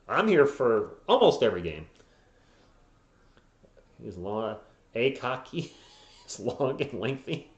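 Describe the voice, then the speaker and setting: A man's voice: medium pitch, very animated, takes it slowly, long pauses. A man doing laid-back fan play-by-play on a live stream, breaking off to answer chat and laugh at comments. His mid-range voice sits in a roomy space, and the sound is a little dull. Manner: casual, chuckling, reads viewer comments between plays. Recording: roomy, slightly dull home stream audio.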